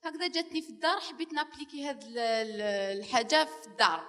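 A middle-aged woman with an Algerian Arabic accent, chatting as a guest's mother in a halting way, with many filler sounds and French words mixed in. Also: sits high, expressive, fairly bright tone. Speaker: guest's mother, audience member. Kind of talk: casual live talk-show chat.

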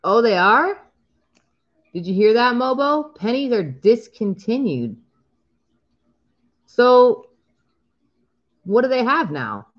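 A woman's voice: fairly high pitch, very animated, takes it slowly, pauses often, highs cut off. A woman in her thirties chatting casually on a live stream while scratching lottery tickets, drawing out the numbers she calls and laughing often.

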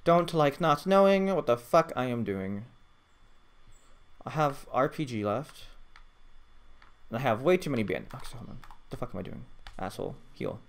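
A man giving live gameplay commentary, swearing constantly and swinging from low muttering to loud excited outbursts. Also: moderate pace, gravelly, pauses often. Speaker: gamer.

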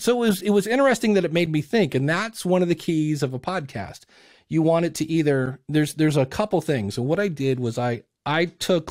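Animated man telling stories, dry sound. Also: medium pitch, dry recording. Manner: animated storyteller acting out quotes. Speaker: podcast guest and coach. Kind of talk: casual podcast chat.

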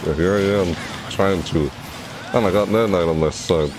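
A young man commentating his own gameplay, chatty and excitable, yelping and shrieking high when things go wrong. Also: normal speed, noisy background. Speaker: gaming YouTuber. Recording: game music playing behind.

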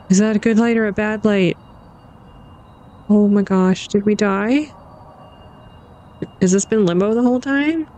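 A woman giving an excitable, panicky let's-play commentary, laughing and gasping as she plays. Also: medium pitch. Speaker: gaming channel host. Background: game music.

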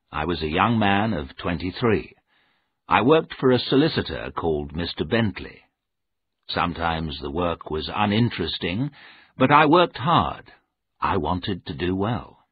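A man narrating a story aloud in a slow, expressive read. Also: deep voice, slightly rough. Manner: slow, expressive, with lively rise and fall. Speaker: audiobook narrator. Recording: narrow tinny sound.

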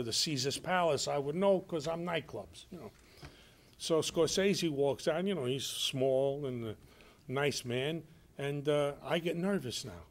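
Man, radio guest, animated storyteller, voices the people in his tale, slightly higher pitch. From Brooklyn, New York. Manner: animated, acts out quoted voices. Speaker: guest actor and nightclub comic.

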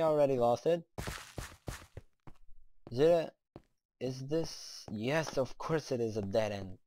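A young man doing let's play commentary, excitable, talking to the creatures in his game and cursing now and then. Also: mid-range voice, measured pace, pauses often, a little hiss or hum. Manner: excitable, talks to the game's creatures, curses.

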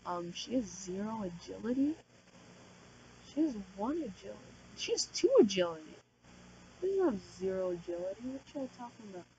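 A woman giving casual, slangy gameplay commentary as a channel host, talking loudly and excitably. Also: mid-range voice, normal speed, highs cut off, slight background noise. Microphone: desk microphone.

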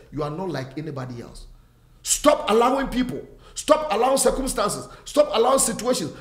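A male preacher with a high voice delivers an emphatic sermon, repeating phrases and calling on his listeners directly. The sound carries a roomy echo. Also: a bit bright.

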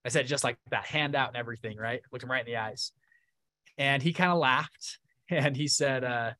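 A man's voice: medium pitch, fairly quick, pushed and bright, dry recording. A young man giving a casual, upbeat live online lesson, often checking in with his audience. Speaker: webinar presenter. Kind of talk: live online teaching talk.

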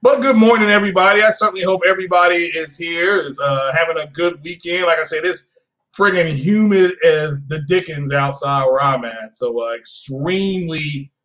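Male stream host, slightly higher voice, loose rambling chat with viewers, casual gaming-news delivery. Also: moderate pace, fairly bright tone, poor audio. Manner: rambling, chatty, talks to chat viewers by name.

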